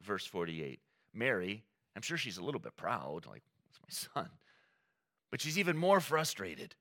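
A male preacher with a lowish but bright, forceful voice, delivering a sermon. His pitch swings widely as he acts out quoted lines in a lively, conversational way. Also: moderate pace. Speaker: pastor.

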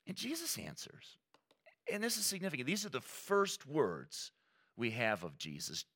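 Male pastor, sermon, conversational and animated, swinging pitch, bright voice. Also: normal speed, slightly rough. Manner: animated, conversational preaching with quoted asides.

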